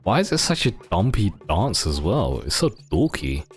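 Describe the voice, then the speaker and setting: A man's voice: sits low, wildly swooping pitch, normal speed, faint music behind. A man live-streaming a game, reacting in a chatty, wry way. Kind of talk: casual live-stream commentary.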